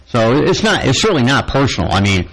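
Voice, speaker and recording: A man's voice: medium pitch, very animated, quick pace, fairly bright tone, poor audio. A man in his forties, an army master sergeant, explaining things in a matter-of-fact way as a radio studio guest. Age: 40s. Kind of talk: interview answers.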